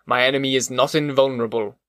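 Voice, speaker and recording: A man voicing a vengeful, bitter male creature who speaks in slow, measured threats in an audiobook. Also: medium pitch, fairly even intonation, fairly bright tone, no echo, natural voice. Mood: grim, vengeful.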